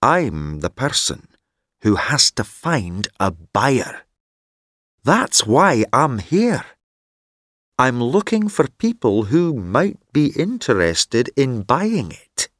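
A man voicing a smooth-talking male con man who is persuasive and sly, confiding and sometimes hushed, in a textbook listening story. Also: a little high, big pitch swings, takes it slowly, dry recording, clean studio sound, pitched above the performer's own voice, heavily acted. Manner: confiding, turns hushed and secretive.

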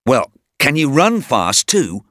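A man voicing a brave young male hero in a raised, energetic voice. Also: medium pitch, takes it slowly, dry recording, clean studio sound, voice pushed up. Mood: eager. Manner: energetic, exclaiming delivery.

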